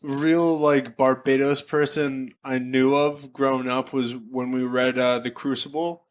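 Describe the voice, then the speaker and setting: A man's voice: medium pitch, little pitch movement, unhurried, no room sound. A young man hosting a comedy chat, rambling through stories and laughing often.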